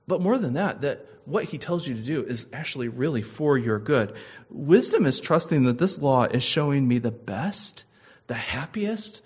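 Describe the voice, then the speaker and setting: Husky-voiced man preaching a sermon. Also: a little high. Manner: asks probing questions, repeats himself for emphasis. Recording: muffled lo-fi recording.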